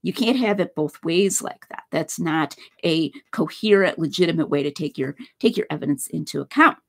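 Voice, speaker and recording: A woman's voice: deep voice, lively intonation, moderate pace, vocal fry. A woman giving a conversational philosophy lecture, walking through a hypothetical example step by step.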